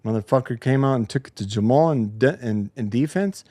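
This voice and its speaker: A man in the middle of a heated, profanity-laced post-game basketball rant, sounding like a show host tearing into a team. His voice sits at an ordinary middle pitch. The recording is dry and close, with no room echo. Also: fairly quick, mellow. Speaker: podcast host. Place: home basement studio.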